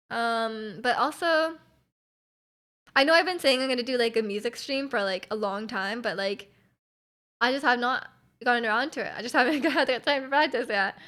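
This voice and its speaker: Chatty woman with a slightly high voice. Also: a bit bright. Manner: chatty, many fillers, giggles often. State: throat feels off. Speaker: streamer. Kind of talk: casual chat with viewers.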